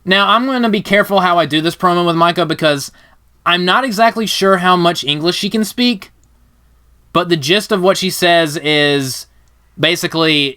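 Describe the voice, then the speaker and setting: Guy on a podcast, high pitched and super animated, bright sound, jokey. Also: normal speed. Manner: animated, jokey, laughs loudly. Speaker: podcast host narrating a wrestling game. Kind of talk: casual podcast narration.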